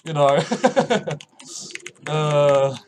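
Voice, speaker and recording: A man's voice: expressive, very slow, slight background noise. A young man with a New Zealand accent chatting casually on a live stream, reading messages aloud, laughing often and stumbling over restarts. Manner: laughs often, stumbling restarts, reacts with sudden high exclamations.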